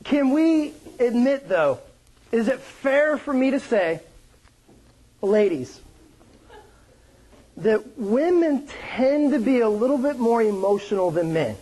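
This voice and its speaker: A male pastor preaching a sermon, with joking, animated storytelling and playful put-on voices. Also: very high voice, slow pace, pauses often, rough recording.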